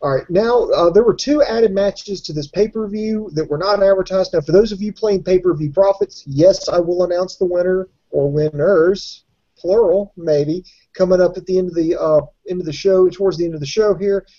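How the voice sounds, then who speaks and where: A man's voice: high-pitched, moderate pace. A man hosting a wrestling review podcast, steadily leading the talk and asking his co-hosts questions. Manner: steady, moderating, asks questions. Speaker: podcast host. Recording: dull lo-fi podcast audio.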